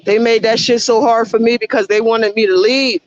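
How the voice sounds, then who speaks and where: A woman's voice: on the high side, fairly even intonation, moderate pace, dry recording, dull audio. Woman ranting heatedly into a phone. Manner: heated, profane, repetitive. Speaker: livestreamer. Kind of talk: live-streamed rant to viewers.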